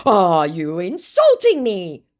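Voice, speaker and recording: A woman's voice: fairly low pitch, wildly swooping pitch, slow pace, voice pushed up, full character voice. A woman voicing a clueless, pushy male online scammer who speaks broken English in an eager, overexcited way. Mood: offended.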